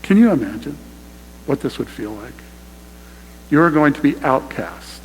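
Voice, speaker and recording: A man's voice: mid-range voice, big pitch swings, measured pace, big-room sound, a little hiss or hum, low-quality recording. A man preaching a sermon to his congregation, emphatic and direct, often calling them "you guys". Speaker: pastor. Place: church sanctuary.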